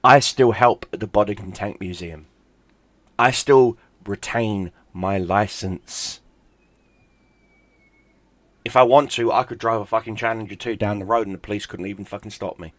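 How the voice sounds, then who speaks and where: A man's voice: lowish voice, normal speed, long pauses, a bit bright, no room sound. A middle-aged man, a gaming YouTuber, in a heated, profane, sarcastic rant. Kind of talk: angry ranting commentary.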